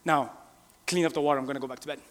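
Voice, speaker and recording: A preacher voicing Jesus as a calm, quietly amused man, speaking low and hushed. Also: rapid-fire, slight background noise, close to an everyday voice. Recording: long reverb in a large hall.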